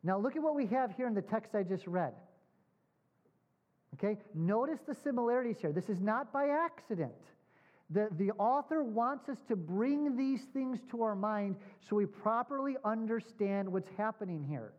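A man preaching a sermon. He asks his congregation questions, repeats points with emphasis and slows down on key words. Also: high voice, lively intonation, darkish tone. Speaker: pastor. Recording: dull lo-fi sound.

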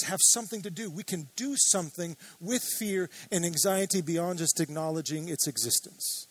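A pastor delivers his sermon in a high, light male voice. He speaks earnestly and builds toward emphatic, insistent declarations. The sound is dry and close, with little room around it. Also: dry recording.

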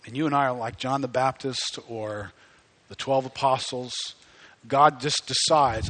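A man preaching a sermon, animated and conversational, rising to near-shouts at high points. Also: normal speed. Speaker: pastor.

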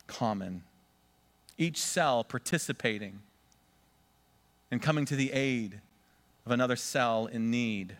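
Male pastor, mid-pitched voice, sermon delivery, emphatic stresses, call-and-response with the congregation. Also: slow, pauses often. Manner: emphatic, swings between loud stresses and quiet asides.

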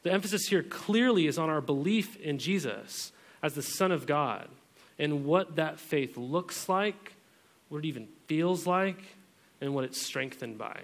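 A man's voice: a little high, animated, a little slow. A man in his thirties, a pastor giving a sermon in a church, talking in a casual, chatty way with many fillers.

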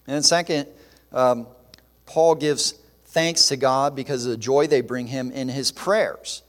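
A man's voice: medium pitch, unhurried. A man preaching a sermon in an earnest, emphatic way, with fillers and restarts. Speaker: pastor. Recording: long hall reverb.

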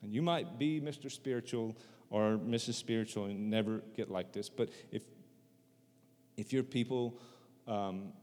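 A man's voice: lowish voice, unhurried, darkish tone, big-room sound. A man preaching a sermon in a conversational way, repeating phrases for emphasis. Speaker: pastor.

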